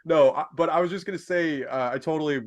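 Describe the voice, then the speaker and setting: A man's voice: on the high side, quick pace, dry recording. A man hosting a podcast, talking loosely with swearing and laughing along. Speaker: podcast host. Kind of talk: casual chat.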